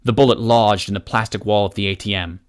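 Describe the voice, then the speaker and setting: A man narrating an action story aloud as an audiobook reader, in a steady, measured way. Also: lowish voice. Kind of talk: scripted narration.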